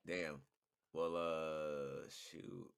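A man's voice: extremely low pitch, little pitch movement, extremely slow, creaky, clean tone. A tipsy young man chatting casually with laid-back slang, teasing and apologetic by turns. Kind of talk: casual chat.

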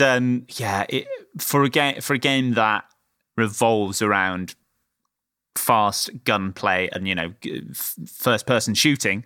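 Bright-voiced rambling man. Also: medium pitch, clean tone, dry recording, studio quality. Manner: rambling, many fillers and restarts. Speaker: game reviewer. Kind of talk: casual chat.

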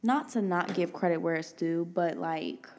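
A young woman chats casually on a podcast, trading slangy banter and laughing often. Her voice sits a little low for a woman. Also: normal speed, a little mellow. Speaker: podcast co-host.

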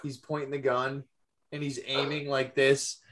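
A young man talks movies on a casual podcast with a bright, forceful voice. He is enthusiastic and swears freely as he talks. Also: medium pitch, little pitch movement, a little slow. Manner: enthusiastic, swears, quotes lines. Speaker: podcast co-host.

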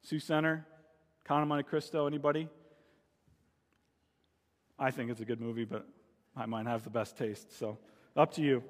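A man's voice: medium pitch, steady tone, moderate pace, long pauses, in a large hall. A male pastor preaching a sermon and telling a story, his voice climbing into dramatic cries when he voices the pleas of the people in it.

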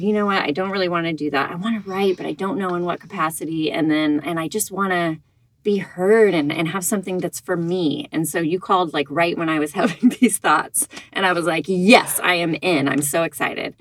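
An earnest, self-deprecating woman co-hosting a podcast as a mother, giggling now and then. Her voice sits a little low. The recording is dry and close. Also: fairly quick, no room sound. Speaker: podcast co-host. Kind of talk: casual podcast chat.

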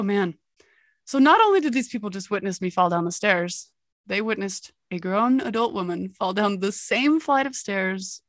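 A woman's voice: mid-range voice, fairly bright tone, dry recording, studio quality. A young adult woman hosting a motivational podcast, telling a story with energy and laughing at herself. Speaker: podcast host.

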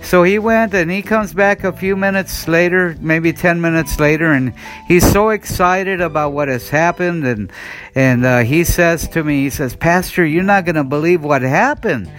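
A man with a fairly high voice preaches a sermon, retelling a testimony in an earnest way and often restarting with "and, uh". Soft guitar music plays faintly under his voice. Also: normal speed. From United States. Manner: earnest storytelling, many "and, uh" restarts.

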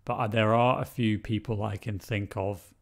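A man's voice: fairly low pitch, steady tone, moderate pace, creaky. A man co-hosting a podcast, talking casually about a film, repeating words and swearing freely. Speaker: podcast co-host.

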